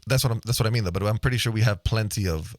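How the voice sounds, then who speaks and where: A podcast host with a fairly low voice talks very fast in casual chat, speaking loosely with plenty of "right?" checks and the odd swear word. He's on a close studio microphone, and the recording is dry and clean with studio sound.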